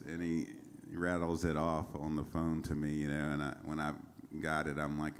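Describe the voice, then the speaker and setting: A man's voice: rumbling low, little pitch movement, normal speed, few pauses, slight background noise. A man telling rambling stories between songs on a small concert stage, with many fillers and chuckles. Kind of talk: casual onstage storytelling.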